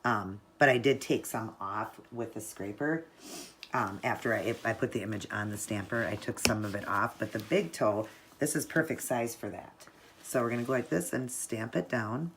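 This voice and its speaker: Woman, gravelly creaky voice, chatty tutorial host, explains while working. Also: extremely low pitch, normal speed, slight background noise. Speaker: nail art tutorial host. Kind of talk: casual step-by-step tutorial narration.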